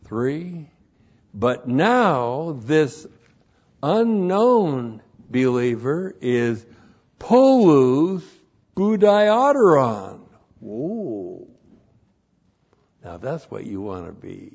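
Slow, methodical male Bible teacher. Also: mid-range voice, gravelly, breathy edge. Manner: methodical, repeats each numbered point slowly; spells out Greek words letter by letter. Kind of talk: Bible study lecture on Greek words. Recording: dull lo-fi recording.

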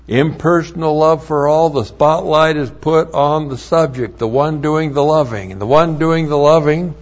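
A man teaching from the Bible, slow and emphatic, repeating key phrases for emphasis. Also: medium pitch. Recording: dull lo-fi recording.

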